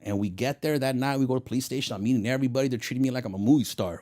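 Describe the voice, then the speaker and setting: A man's voice: mid-range voice, rapid-fire, hardly any pauses. A middle-aged man, a retired federal agent, telling stories as a guest in a casual interview and acting out the dialogue. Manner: animated, acts out quoted dialogue.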